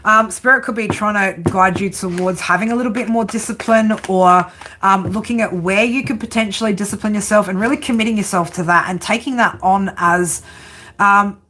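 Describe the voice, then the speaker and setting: A woman's voice: mid-range voice, brisk, fairly bright tone. A woman hosting a casual live-stream tarot reading, chatty and giggly, often ending her lines with "right?".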